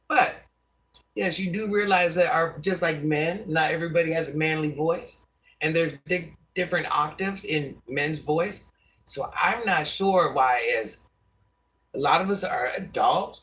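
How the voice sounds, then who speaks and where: Calling herself Granny and her viewers "baby" and "hun," this roughly sixty-year-old woman with a low voice offers folksy life advice on her live stream. The tone is fairly bright, and the mic sits some distance away.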